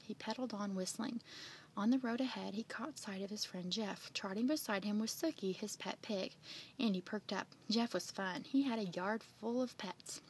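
Brief: woman narrator, storybook read-aloud, mid-pitched, gentle and expressive. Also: moderate pace, a little hiss or hum. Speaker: storybook reader. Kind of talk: reading a children's picture book aloud.

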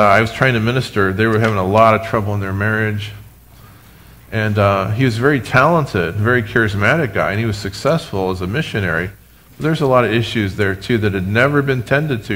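A man preaching a sermon as pastor, animated, with humorous asides, speaking to his congregation and online viewers. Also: on the low side. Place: church sanctuary, recorded for live stream.

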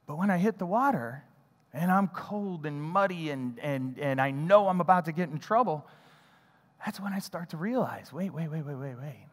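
A man preaching a sermon, telling a childhood story with animated delivery and acting out his own thoughts. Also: on the high side, moderate pace, long reverb tail. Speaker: pastor. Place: church sanctuary.

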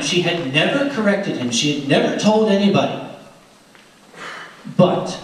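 A man tells anecdotes to a convention crowd in a lively, fairly high voice that rises and falls a lot. He talks conversationally with restarts, and the sound is echoey and far from the mic with faint noise. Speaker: storyteller. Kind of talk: anecdotal storytelling to a live audience. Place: convention room.

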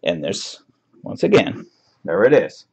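A man with a deep, husky voice, touched by vocal fry, teaches a class on paraphrasing in an unhurried, sing-song way. The lecture is casual and wry, with the occasional laugh at his examples, and the recording is dull and lo-fi.

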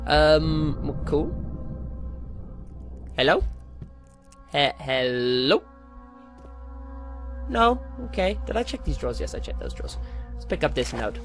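A man's voice: a little high, animated, slow pace, long pauses, a bit bright, soft background music. A young man playing a horror game and commentating with jokes, rambling and narrating every move he makes. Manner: jokey, rambling, narrates his own moves. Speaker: let's play gamer.

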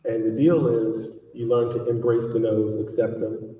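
A man's voice: medium pitch, a little slow. A man telling a long story to a live audience at an author event, acting out the voices in it. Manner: animated storyteller, acts out dialogue. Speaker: author speaking at a book event. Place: large echoey hall. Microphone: distant from the recording mic. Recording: echoey hall recorded from far off.

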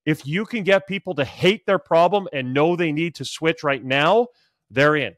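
Middle-aged male sales coach, energetic podcast guest, slightly higher voice, dry close mic. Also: moderate pace, no echo. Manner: energetic, animated, acts out buyers' lines. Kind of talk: podcast interview, storytelling advice.

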